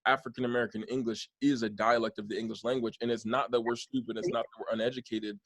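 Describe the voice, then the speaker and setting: A man's voice: mid-range voice, level tone, fast, no echo. Earnest man hosting a podcast, dry sound. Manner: earnest, rambling, many restarts. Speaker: podcast host. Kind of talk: casual podcast conversation.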